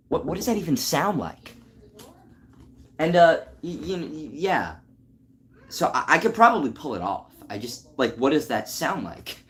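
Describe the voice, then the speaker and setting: A man's voice: mid-range voice, a bit bright, slightly rough. A man, a voice actor streaming live from home, chatting casually with his viewers. He jokes and stammers while reading chat aloud.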